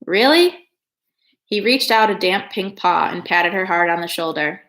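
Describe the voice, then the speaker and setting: A woman reading a children's novel aloud, in a calm and steady storytelling manner. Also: fairly low pitch, moderate pace. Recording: echoey room.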